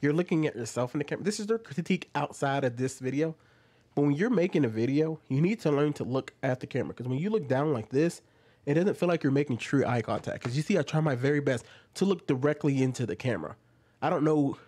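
Brief: lively, fairly high-voiced guy reacting to a clip, incredulous and rambling. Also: fast talker, husky. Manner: animated and incredulous, rhetorical questions, mimicking asides. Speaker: commentator reacting to a video. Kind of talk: casual reaction commentary.

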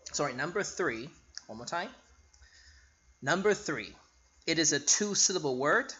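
Bright, slow-paced male phonics teacher. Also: on the high side, lo-fi sound. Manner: spells out letters slowly and repeats each word. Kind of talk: slow spelling lesson.

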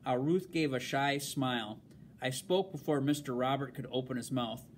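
A man reading a novel aloud in a halting way, stumbling over words and filling pauses with um and uh. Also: mid-range voice, slight background noise. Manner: halting, with fillers and restarts. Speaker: reader.

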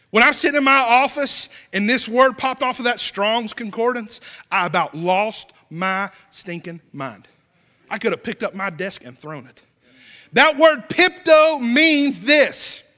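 A young man with a Southern American accent preaching a sermon with passion, going from shouts down to a hushed near-whisper. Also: very high voice. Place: church. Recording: long church hall reverb.

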